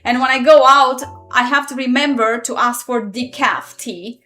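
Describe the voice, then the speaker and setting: A woman's voice: high voice, normal speed, pushed and bright, soft background music. A woman in her thirties, not a native English speaker, chatting casually on a live stream and answering viewer comments. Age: 30s.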